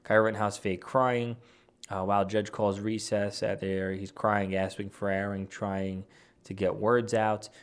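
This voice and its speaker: A man's voice: fairly low pitch, flat delivery, a little slow, smooth. A man giving an argumentative, dismissive reaction as an online commentator, reacting to a clip and reading posts aloud.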